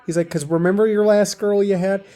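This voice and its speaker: A man's voice: sits high, fairly even intonation, brisk, warm tone. A young man casually retelling relationship advice he got, rambling with lots of fillers. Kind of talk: casual storytelling vlog.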